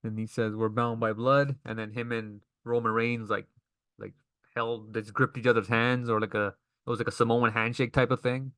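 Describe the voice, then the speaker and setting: A man's voice: medium pitch, flat delivery, fairly quick, a bit bright, clean tone, no room sound, clean studio sound. A man giving a casual, enthusiastic recap of a wrestling show, laughing often.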